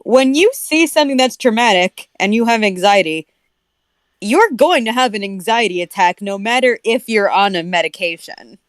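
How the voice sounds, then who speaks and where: A woman's voice: medium pitch, lively intonation, smooth, dry recording. A young woman co-hosting a casual podcast, reading a story aloud and joking about it. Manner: joking, quick to interrupt the story. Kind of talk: casual chat.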